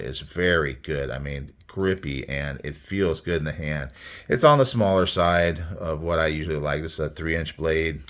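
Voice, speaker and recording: Man, deep voice, relaxed and rambling, casual product review host. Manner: rambling, easygoing, enthusiastic. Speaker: knife reviewer.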